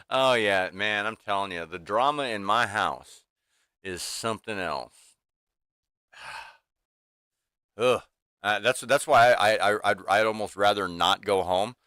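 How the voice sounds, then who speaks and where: A man's voice: fairly low pitch, expressive, slow, long pauses, sharp tone, clean tone, no room sound, studio quality. A man in his fifties venting casually to his livestream chat in a rambling way, full of restarts and fillers, from a small home workshop room. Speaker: livestream host.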